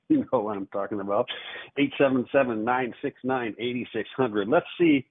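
A man hosting a call-in radio show as an auctioneer, with brisk, salesy patter. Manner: salesy, rapid pitch with repeated phone number. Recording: husky voice over a tinny phone-like radio line.

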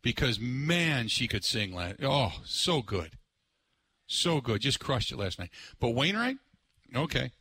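A man hosting live sports talk radio from a remote broadcast. His voice is bright and forceful, and he rambles excitably with plenty of filler words. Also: medium pitch, measured pace, husky, dry recording.

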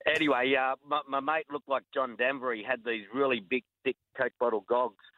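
A man's voice: mid-range voice, fairly even intonation, brisk. An Australian man rings in to a radio show, hesitant and full of uhs as he spins his yarn. He comes through a thin, tinny phone line. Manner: hesitant, lots of uh, chuckles. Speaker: caller. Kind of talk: phone-in chat.

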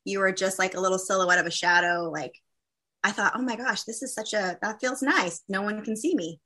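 A woman with a bright, forward voice and middle pitch tells her faith story as a guest. She talks candidly and haltingly, with many fillers and restarts. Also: husky. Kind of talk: personal testimony in a conversation.

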